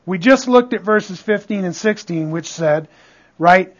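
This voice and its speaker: High-voiced preacher, slow and emphatic. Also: male voice. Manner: emphatic, calls out "Amen?" to the congregation; reads scripture slowly and with stress. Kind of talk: sermon. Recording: dull lo-fi recording.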